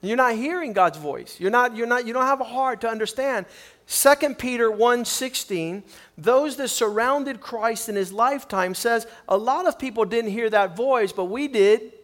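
High-pitched guy preaching a sermon, animated, stumbles over repeated words.

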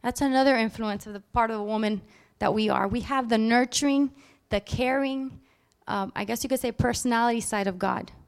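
A woman preaching a sermon in a lively, animated way, acting out little scenes sudden loud outbursts. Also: a little high, brisk, gravelly, clear, resonant tone.

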